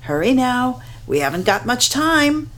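Woman doing a croaky, soft-spoken storybook grandmother, calm, lilting. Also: fairly high pitch, a little slow, pitched above the performer's own voice. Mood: reassuring. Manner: soft, steady, gently encouraging. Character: elderly grandmother, calm, steady and reassuring. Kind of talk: storybook read-aloud.

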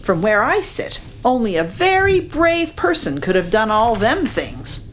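Woman doing a croaky, soft-spoken storybook grandmother, calm, lilting. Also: on the high side, measured pace, noisy background, pitched above the performer's own voice. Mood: reassuring. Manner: soft, steady, gently encouraging. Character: elderly grandmother, calm, steady and reassuring. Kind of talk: storybook read-aloud.

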